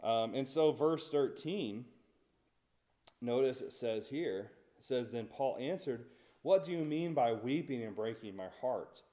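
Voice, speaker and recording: A man's voice: medium pitch, expressive, measured pace, mellow. A man teaching a Bible study in a church, talking conversationally and asking the class questions.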